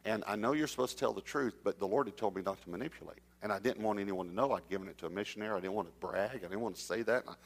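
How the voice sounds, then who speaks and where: A middle-aged man preaching, telling a personal story and acting out the dialogue, sometimes dropping to a hush. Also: fairly low pitch. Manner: anecdotal, acts out dialogue, drops to a hush for suspense. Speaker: traveling preacher. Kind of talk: storytelling sermon.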